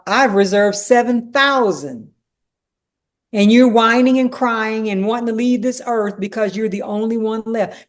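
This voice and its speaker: A woman leading a conversational Bible study, animated and acting out the dialogue, with frequent "you know" asides. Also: a little high.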